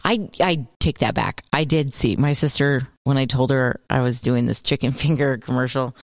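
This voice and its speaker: A woman's voice: a bass voice, no room sound, clean studio sound. Chatty, laughing woman co-host. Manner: chatty, laughs often, playful. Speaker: radio co-host. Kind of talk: casual on-air chat.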